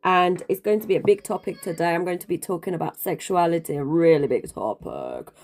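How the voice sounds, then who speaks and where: A spiritual video creator with a fairly low, slightly mellow voice talks to the camera in a casual monologue, very animated and fairly quick. She's emphatic and preachy, calls listeners darling, and sounds slightly out of breath.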